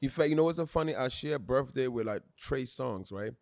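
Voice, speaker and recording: A man hosting a podcast in boisterous, profane casual chat, mimicking others in quick voices. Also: mid-range voice, expressive, vocal fry, a little mellow, no room sound, clean studio sound. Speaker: podcast host.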